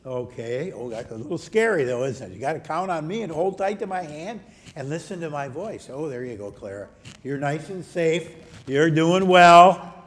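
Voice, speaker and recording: A man, a pastor, gently leading a children's message during a church service. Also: fairly high pitch, expressive, normal speed. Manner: gentle, coaxing, talks to children. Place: church sanctuary.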